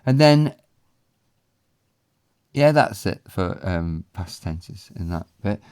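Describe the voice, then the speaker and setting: Deep-voiced guy explaining a language lesson, laid back, lots of ums, dry close sound. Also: takes it slowly, smooth, no echo. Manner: relaxed and explanatory, with frequent ums and restarts. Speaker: Welsh language teacher. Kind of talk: casual spoken lesson.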